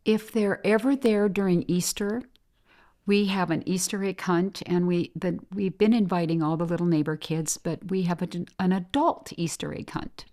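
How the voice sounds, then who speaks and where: Chatty Midwestern woman, lowish voice. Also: fairly even intonation, normal speed, darkish tone. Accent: Midwestern American. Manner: chatty storyteller, acts out quoted voices, laughs often. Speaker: bed and breakfast owner, guest. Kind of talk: casual interview chat.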